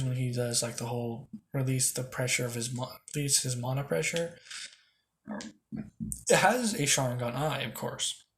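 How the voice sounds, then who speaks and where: A man's voice: mid-range voice, slight background noise. A young man improvising a fan story, rambling with lots of fillers and restarts on a close mic.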